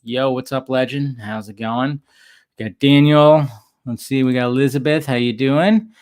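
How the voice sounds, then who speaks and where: A man's voice: medium pitch, a little slow, darkish tone. A man hosting a casual livestream from home, upbeat and chatty as he greets viewers by name. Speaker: livestream host.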